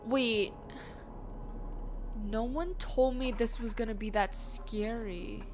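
In casual let's-play commentary, a young woman reacts as she plays, gasping and exclaiming at the game and her chat because she startles easily. Her voice is fairly high and slow, with faint music behind it.

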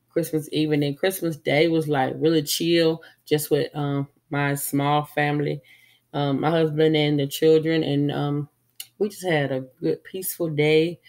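A woman's voice: low voice, darkish tone. A middle-aged woman, stuffy from a cold, chatting casually and rambling as she shows off her holiday gifts, with frequent ums. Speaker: vlogger. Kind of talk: casual holiday haul chat.

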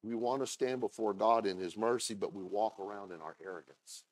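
Low-voiced pastor preaching a conversational sermon. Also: male voice, darkish tone. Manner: conversational preaching with asides to the congregation; reads scripture slowly and deliberately.

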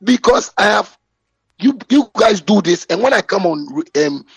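Husky Ghanaian man, indignant bragging rant. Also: animated, unhurried, no echo, rough recording. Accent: Ghanaian English. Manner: indignant, bragging, rising pitch when worked up. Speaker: musician answering a critic. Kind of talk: heated boastful rant.

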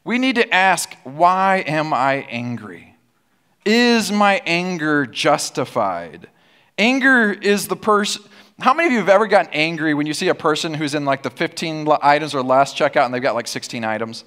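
A man's voice: a little high, quick pace, bright, forceful tone. A man preaching a sermon as pastor, with a sarcastic, humorous storytelling manner and call-and-response with the congregation. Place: church auditorium.

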